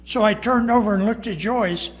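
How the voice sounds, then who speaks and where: A high-pitched older male pastor delivers a storytelling sermon in a plain, folksy way, slipping into the voices of the people in his stories. His words ring out with a long reverb from the church sanctuary around him. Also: normal speed. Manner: folksy, plain-spoken, acts out dialogue in stories.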